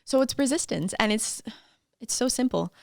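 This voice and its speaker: A woman guest and fitness coach chatting in an interview, a lively storyteller who laughs often and acts out what people said. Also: a little high, normal speed, creaky, no room sound, studio quality. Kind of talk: casual interview chat.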